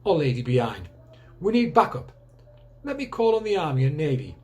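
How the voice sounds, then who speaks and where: A man voices an elderly grandfather who barks orders like a wartime officer, a bossy commander type. His voice is on the high side, very animated, fairly quick and mellow, with a commanding, rallying, mock-military delivery.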